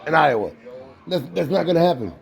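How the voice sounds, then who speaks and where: A man's voice: a little high, animated, a little fast, vocal fry. A man telling a family story in a casual, emotional way, repeating phrases and restarting his sentences. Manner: repetitive, restarts phrases, insistent.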